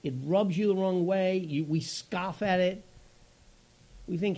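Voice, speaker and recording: A middle-aged man preaching a sermon in an animated, conversational storytelling manner. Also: high voice, takes it slowly, breathy edge, highs cut off.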